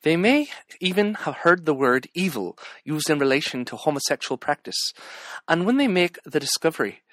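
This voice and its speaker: A man doing a high, earnest older Irish woman. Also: fairly bright tone, no echo.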